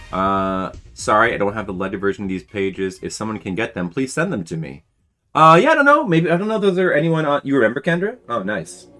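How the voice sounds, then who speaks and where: Drawing live for his patrons, a man in his forties reminisces in a rambling way, fielding chat questions with many restarts. He sounds fairly low-pitched, bright and forceful, with faint music playing behind him.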